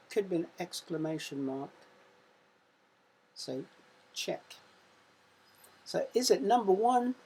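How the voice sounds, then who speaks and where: An English woman teaching young children in a recorded lesson, her voice low and mellow. She reads quiz questions slowly, giving a little extra punch to the sound words, with a slightly husky texture. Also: rough recording. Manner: slow, careful quiz reading with sound-effect emphasis. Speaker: primary school teacher.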